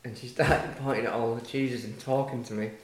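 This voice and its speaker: A man's voice: medium pitch, steady tone, brisk. A young man co-hosting a podcast, telling stories playfully and laughing often. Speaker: podcast co-host. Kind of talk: casual chat.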